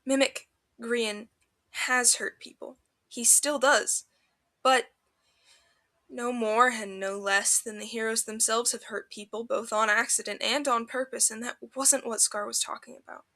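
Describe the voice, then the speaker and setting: A woman narrating fanfiction for a podcast with an expressive, emotional delivery. Her voice is bright and a touch high, and she reads in a storybook manner. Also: normal speed.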